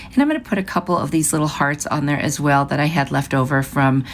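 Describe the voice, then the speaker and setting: A woman's voice: low-pitched, fast talker, a little hiss or hum. A woman hosting a craft channel, chatting through each step of a project in a casual, upbeat way. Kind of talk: casual craft tutorial narration.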